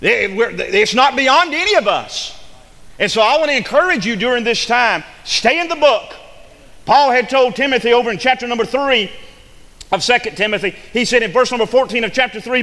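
A man's voice: extremely high pitch, lively intonation, a little fast, pushed and bright, long reverb tail. A male pastor, preaching a fervent sermon full of repeated phrases and restarts.

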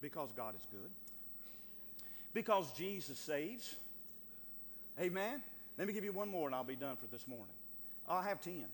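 A middle-aged man preaching a fervent, animated sermon, piling up emphatic repeated phrases. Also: fairly high pitch, normal speed, long pauses. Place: church sanctuary. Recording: long reverb of a church hall, faint hum.

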